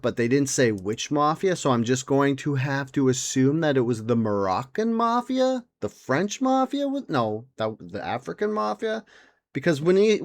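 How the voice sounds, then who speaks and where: A young man hosting a podcast in casual chat, rambling and sarcastic, swearing and mimicking people in silly voices. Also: medium pitch. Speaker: podcast host.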